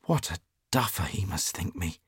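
An actor playing a hapless, sulky young gentleman who speaks fretfully. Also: deep voice, lively intonation, normal speed, creaky, husky, no room sound, clean studio sound, heavily acted.

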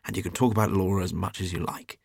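An actor playing a jovial, teasing gentleman painter who talks loudly and laughs heartily. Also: deep voice, fairly even intonation, fast, vocal fry, breathy edge, no room sound, studio quality, exaggerated voice. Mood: amused, teasing.

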